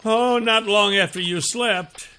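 Man doing a soft-spoken older companion. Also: high-pitched, slow pace, voice pushed up, full character voice. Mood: gentle. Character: older male companion, kindly and wary, quietly amused.

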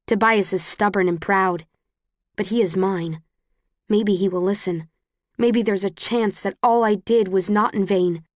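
A woman's voice: medium pitch, steady tone, measured pace, no echo. Woman audiobook narrator, first person, earnest; dry, close recording.

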